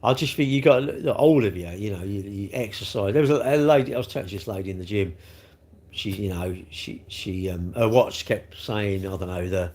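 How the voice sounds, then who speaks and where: A man's voice: fairly low pitch, a little fast, a little mellow. Chatty South London man in his sixties. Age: 60s. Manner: rambling, chatty, full of tag questions. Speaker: livestream host. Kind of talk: casual livestream chat reading comments.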